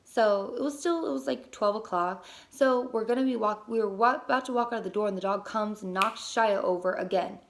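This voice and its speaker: Young woman telling a story, animated. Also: medium pitch, fairly quick, creaky, few pauses. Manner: animated, fillers, swears casually. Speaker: mother telling a personal story. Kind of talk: casual storytelling vlog.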